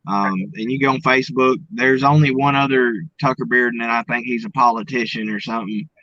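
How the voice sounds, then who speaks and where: A man's voice: medium pitch, steady tone, brisk, pushed and bright, no echo, lo-fi sound. A man from Arkansas with a Southern accent, a guest talking in a folksy, earnest way. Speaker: guest, coach. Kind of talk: casual interview talk.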